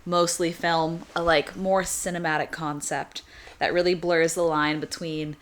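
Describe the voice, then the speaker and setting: A woman's voice: low-pitched, little pitch movement, a little slow. A young woman vlogger chatting casually and upbeat while baking in her home kitchen. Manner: chatty, upbeat, self-deprecating.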